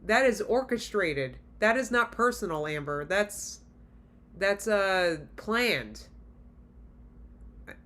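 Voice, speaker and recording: A woman's voice: medium pitch, animated, slow pace, pauses often, fairly bright tone. A woman hosting a reaction video, talking straight to her viewers in blunt, exasperated casual commentary.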